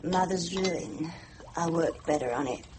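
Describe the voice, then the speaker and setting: Prostitute, blunt and businesslike, low unhurried voice, faint hiss, old radio play. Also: female voice. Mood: brisk. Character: brisk worldly London prostitute, middle-aged woman. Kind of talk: 1950s radio drama acting.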